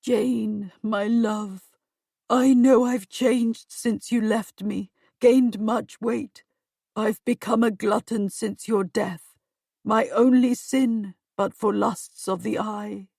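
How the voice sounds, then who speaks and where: A frightened dying king whines and stammers through his words, dragging each one out, voiced by a woman reading aloud. The delivery is unhurried and the sound is dry and close. He sounds self-pitying and childlike. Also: fairly high pitch, fairly even intonation, gravelly, dark tone, no echo, exaggerated voice. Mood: pleading. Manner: slow, stammering, pleading.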